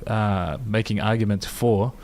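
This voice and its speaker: Man, low voice, podcast panelist, measured arguments, frequent restarts. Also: steady tone, a little mellow. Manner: measured, builds arguments from data with many restarts. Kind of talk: casual panel discussion.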